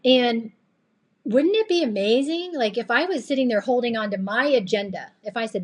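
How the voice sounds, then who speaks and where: A woman's voice: on the high side, lively intonation, normal speed. A woman with a slightly tired voice giving an earnest, chatty faith-based motivational talk on a live stream, rambling and laughing often. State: voice a bit tired late at night. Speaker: live-stream host and coach.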